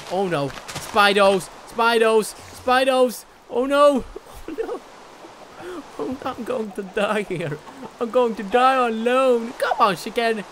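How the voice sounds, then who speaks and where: A young adult gaming YouTuber giving excitable let's play commentary, with loud outbursts, mock bravado and casual swearing. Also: mid-range voice, takes it slowly, slight background noise, low-quality recording.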